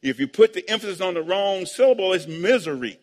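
A man preaching as pastor, drawing amens and answers from the congregation in call-and-response, breaking into sudden shouts. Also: high voice, animated, quick pace. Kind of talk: sermon. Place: church sanctuary. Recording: long hall reverb.

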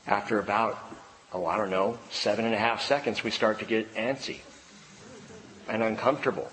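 Hushed-to-booming preacher in a hall. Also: male voice, normal speed, long pauses, slight background noise. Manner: conversational preaching, quiet hushed passages, rising emphatic peaks. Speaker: pastor. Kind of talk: sermon.

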